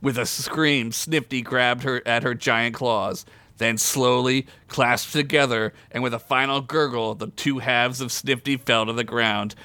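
A man's voice: medium pitch, steady tone, measured pace, pushed and bright, no echo. A man hosting a comedy podcast, reading his own silly adventure story aloud with jokey asides and frequent laughter. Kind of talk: comic story reading with banter.

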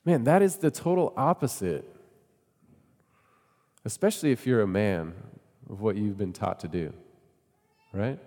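A man's voice: fairly low pitch, expressive, measured pace, long pauses, a little mellow. Conversational male preacher in a big hall. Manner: conversational, asks the congregation questions. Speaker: pastor. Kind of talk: sermon.

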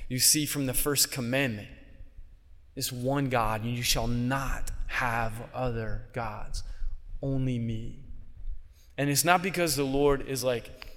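A man preaching a homily in an easy, conversational way, his voice sitting at an ordinary middle pitch. He slips casually into quick voices for the people in his story. The sound carries the long reverb of a large church hall. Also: steady tone.

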